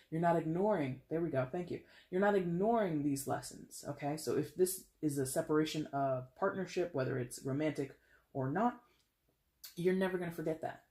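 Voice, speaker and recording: Speaking in a low-pitched voice with a darkish tone, a tarot reader chats her way through a casual reading. She rambles, leans heavily on "you know" and "like," and slips in playful asides and quick laughs.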